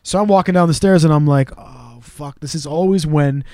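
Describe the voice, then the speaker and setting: A man with a fairly high, mellow voice tells stories in an easy, animated chat. He sometimes slips into quick voices for the people he describes. The sound is dry and close. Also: no echo. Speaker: podcast co-host. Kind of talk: casual storytelling chat.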